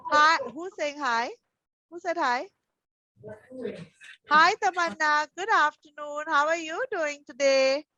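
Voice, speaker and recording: A woman teaching young children over a video call, gentle and encouraging, full of endearments. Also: sits high, slow, pauses often, no echo. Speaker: preschool teacher. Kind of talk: online class with young children. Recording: dull, dry video call audio.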